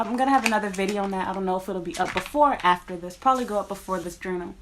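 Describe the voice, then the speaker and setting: A woman's voice: mid-range voice, very fast, few pauses, slight background noise. Woman, teacher, casual vlog rant, blunt, swears a lot, straight to the viewer. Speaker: teacher in Japan.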